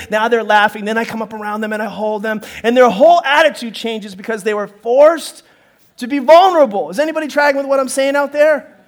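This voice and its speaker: High-voiced animated male pastor. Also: brisk. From northern United States. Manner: animated storytelling, acts out dialogue, laughs often. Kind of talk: sermon.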